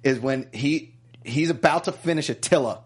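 A man co-hosting a casual podcast chat, animated and joking, slipping into quick voices when he retells scenes. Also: mid-range voice, breathy edge. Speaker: podcast co-host.

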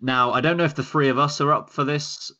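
A man's voice: mid-range voice, fairly even intonation, fairly quick, bright, forceful tone, dull audio. A man hosting a podcast, chatting casually in a wry, joking way. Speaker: podcast host. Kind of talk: casual chat.

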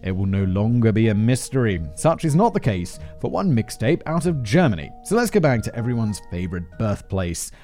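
With big pitch swings and a warm, fairly low voice, this man in his thirties hosts a podcast at a fairly quick clip with few pauses. He reads from a script yet rambles, laughs a lot, and breaks off into tangents, all over soft background music.

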